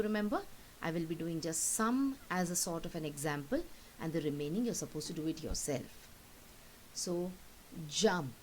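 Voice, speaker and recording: Speaking at a fairly low pitch with a slightly mellow tone, a woman teacher slowly says each word twice to demonstrate pronunciation, staying patient throughout. It's a rough recording in which a faint hiss can be heard.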